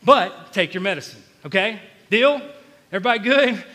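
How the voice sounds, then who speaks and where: Male preacher, bright forceful tone, emotional confessional delivery, big church reverb. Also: high-pitched, expressive, moderate pace. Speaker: pastor. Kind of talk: sermon. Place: church sanctuary.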